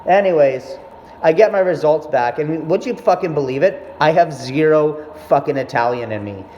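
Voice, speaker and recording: A man's voice: fairly high pitch, normal speed, dark tone. A young man telling a rambling, profanity-laced story about his mother in a casual monologue. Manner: rambling, profane, self-interrupting. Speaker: vlogger. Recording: echoey, dull room sound with faint noise.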